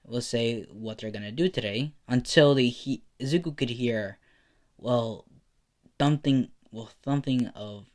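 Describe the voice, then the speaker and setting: A man's voice: mid-range voice, a little slow. A man with a slight lisp narrating a fan story casually, rambling with lots of fillers.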